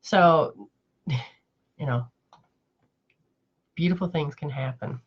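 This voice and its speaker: Lady spiritual teacher chatting live, lowish voice, rambly and emotional, kinda muffled lo-fi sound. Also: drawn-out words, husky. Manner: rambling, emotional storytelling with many restarts. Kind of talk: casual live chat.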